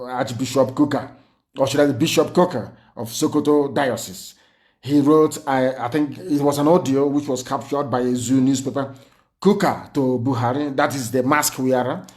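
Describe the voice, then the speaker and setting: A man's voice: mid-range voice, darkish tone. A man giving an impassioned, indignant livestreamed speech full of rhetorical questions. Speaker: political speaker.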